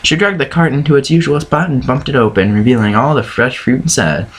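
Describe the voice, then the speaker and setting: A man's voice: medium pitch, a little fast, slightly rough, rough recording. A man reading fan fiction aloud, often stumbling over words and correcting himself. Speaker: reader.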